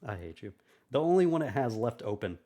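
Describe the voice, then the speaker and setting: A man's voice: mid-range voice, sing-song, brisk, warm tone. A man playing a tabletop game who jokes, teases and laughs often. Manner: playful, teasing, laughs often. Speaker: player.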